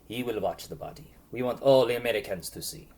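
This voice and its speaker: A man's voice: mid-range voice, fast, darkish tone, close to an everyday voice. A man voicing a big, grave French prisoner. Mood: solemn. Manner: formal, grave.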